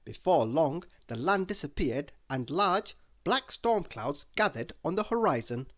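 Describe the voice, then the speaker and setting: Man reading a bedtime story, slow and easy, pitch bouncing all over. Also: lively intonation. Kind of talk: bedtime story read-aloud.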